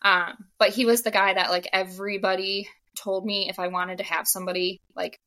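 A young woman telling her own story in a casual podcast interview, animated, acting out the dialogue and saying "like" a lot. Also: medium pitch, fairly quick. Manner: animated, acts out quoted dialogue, frequent "like". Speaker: podcast guest.

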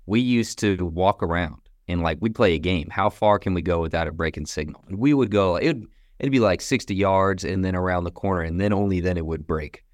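A young adult man, a company founder, telling stories in a casual interview with a relaxed, chatty manner, tossing in "man" and "bro" and laughing between stories. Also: low-pitched, a little fast, no room sound.

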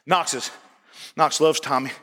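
A middle-aged man preaching a sermon, emphatic and repetitive, at times shouting his points. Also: a little high, steady tone, measured pace. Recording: long reverb of a large church hall.

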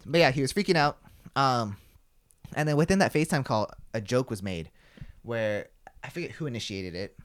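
A man in his twenties hosting a podcast, telling a story in a rapid, animated casual chat full of "like" and swearing. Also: medium pitch. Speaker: podcast host.

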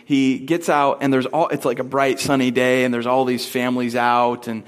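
A man in his thirties preaching a sermon, telling a family story casually and breaking into high, squeaky voice impressions. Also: little pitch movement, moderate pace, clear, resonant tone.

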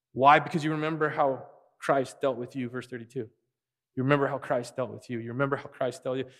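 A man preaching a sermon as pastor, earnest and repeating key phrases for emphasis. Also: a little high. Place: church sanctuary. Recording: long reverb of a large hall.

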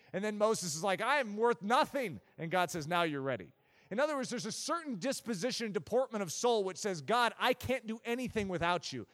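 A man preaching a sermon in an emphatic, animated way, often dropping low to voice God's replies. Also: long reverb tail.

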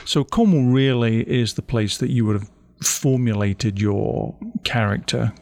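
A man interviewing a guest, asking measured and thoughtful questions. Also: mid-range voice, vocal fry, darkish tone, no echo, clean studio sound.

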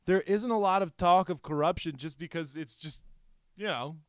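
A man's voice: on the high side, moderate pace, no room sound, clean studio sound. A man co-hosting a comedy podcast in casual chat, rambling with many restarts and frequent laughter. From Houston, USA. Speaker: podcast co-host.

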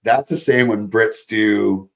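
A man's voice: lowish voice, slow pace, gravelly. A Canadian man, an actor appearing as a podcast guest, chatting casually and animatedly while swearing freely. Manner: animated storyteller, swears casually, puts on accents. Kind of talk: casual chat.

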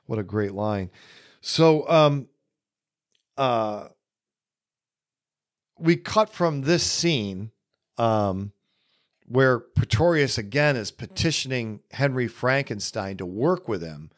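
Slow, musing man hosting a podcast. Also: medium pitch, expressive. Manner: unhurried, musing, many pauses. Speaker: podcast host. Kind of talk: casual solo film commentary.

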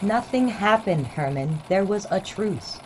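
A woman playing a brisk newspaper editor leading a meeting, businesslike. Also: mid-range voice, animated, a little hiss or hum, natural voice, poor audio. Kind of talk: audio drama acting.

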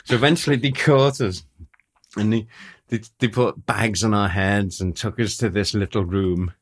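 A man with a Liverpool accent, a war photographer telling animated anecdotes as a guest and laughing often. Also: on the low side, moderate pace. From Liverpool, England. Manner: animated storyteller who laughs often and acts out voices.

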